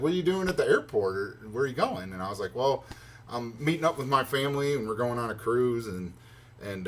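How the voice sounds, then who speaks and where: A man telling a long personal story in a casual, rambling way, full of fillers and restarts, acting out his own reactions. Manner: excited, acts out his own reactions in higher pitch. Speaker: vlogger.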